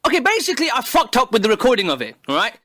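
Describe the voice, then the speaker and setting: High-voiced sarcastic man. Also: wildly swooping pitch, rapid-fire, pushed and bright, no room sound, studio quality. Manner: sarcastic and heavily profane. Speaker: comedy video creator. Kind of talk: comedic monologue. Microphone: phone.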